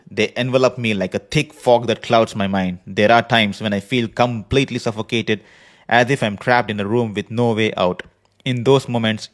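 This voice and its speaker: Earnest man in a slow, reflective monologue. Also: lowish voice. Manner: earnest, slow and measured, reading a prepared script. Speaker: podcast host. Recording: podcast voice recording.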